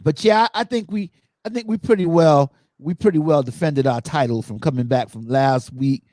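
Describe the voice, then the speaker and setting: A man hosting a podcast in casual chat, telling funny stories with animated energy and acting out quotes. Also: fairly high pitch, moderate pace, no room sound. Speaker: podcast host.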